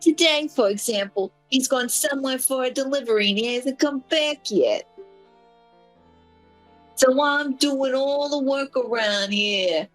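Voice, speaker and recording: A woman voicing a gruff, put-upon male ranch hand in a put-on New York accent, complaining in a drawn-out way. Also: high voice, expressive, faint music behind, voice pushed up, rough recording. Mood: grumbling.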